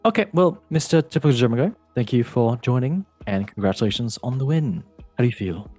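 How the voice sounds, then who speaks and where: A man's voice: mid-range voice, lively intonation, brisk, mellow, no echo, faint music behind. A man hosting a casual football quiz podcast, playful and rambling with jokey asides. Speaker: quiz show host.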